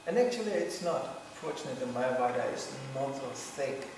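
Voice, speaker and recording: A man's voice: mid-range voice, expressive, brisk, darkish tone, far from the mic, a little hiss or hum. Man speaking in an echoey hall. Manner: storytelling with laughs and acted quotes. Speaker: speaker giving a talk. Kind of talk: humorous spiritual talk.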